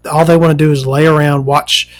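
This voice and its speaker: A woman hosting a casual talk show, ranting in a profane, animated, rambling way. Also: low-pitched, fairly quick.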